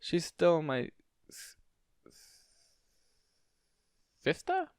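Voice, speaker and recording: A man's voice: on the high side, huge pitch swings, extremely slow, clear, resonant tone, dry recording, studio quality, voice pushed up, full character voice. A man voicing a young colt pony, an anxious little brother with a slight lisp, in a fan-read storybook. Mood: worried.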